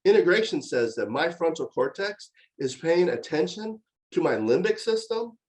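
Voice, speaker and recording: A middle-aged man giving a conversational university lecture on parenting, telling stories in an animated way with frequent fillers and restarts. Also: fairly high pitch, moderate pace, rough recording.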